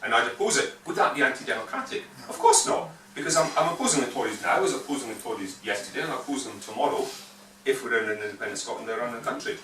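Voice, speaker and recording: Brief: fifties man, bright animated delivery, jokey arguer, echoey meeting room from afar. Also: mid-range voice, rapid-fire. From England. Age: 50s. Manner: joking, rambling, argumentative. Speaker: invited speaker. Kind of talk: political talk answering questions. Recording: echoey room, distant mic, faint hiss.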